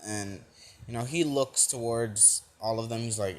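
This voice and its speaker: A young man with a mid-range voice improvises a fan-fiction retelling as a fan storyteller, speaking at a moderate pace. He rambles with plenty of "like" and "you know," and keeps restarting his sentences.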